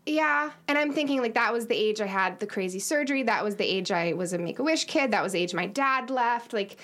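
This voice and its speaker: A woman's voice: mid-range voice, expressive, fast, fairly bright tone. A woman chatting casually as a podcast co-host, telling a personal story full of "like" fillers. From Los Angeles area. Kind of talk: casual chat.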